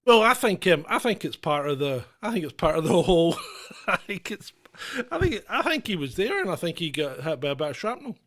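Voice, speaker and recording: A man's voice: on the high side, sing-song, brisk, a bit bright. A man co-hosting a comedy podcast in casual chat, rambling through stories and often laughing mid-sentence. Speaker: podcast co-host.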